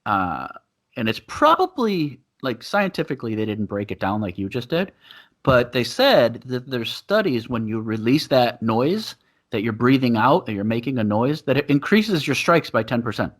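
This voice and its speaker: A man's voice: mid-range voice, big pitch swings, moderate pace. A man co-hosting a podcast and coaching Muay Thai, talking in a rambling casual way and laughing often. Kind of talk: casual chat. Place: living in Thailand.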